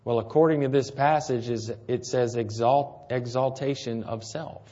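Male preacher, mid pitch, easy conversational sermon delivery with rhetorical questions, slightly lo-fi recording. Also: steady tone, moderate pace, mellow. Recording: slightly dull, lo-fi sound.

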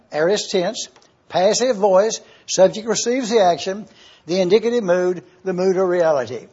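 A man's voice: high voice, darkish tone, husky, highs cut off. A man teaching a Bible lesson as a sermon, emphatic and repetitive, spelling out Greek terms and stressing key points. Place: church or classroom with overhead projector.

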